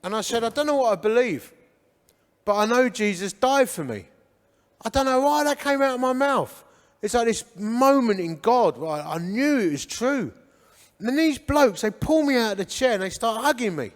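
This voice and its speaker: A man's voice: extremely high pitch, moderate pace. A man in his fifties from England, telling his life story at a church, acting out the voices of people he met. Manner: animated storyteller who acts out what people said. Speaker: guest speaker giving his life story. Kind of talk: church testimony talk. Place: church hall with an audience. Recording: reverberant church hall.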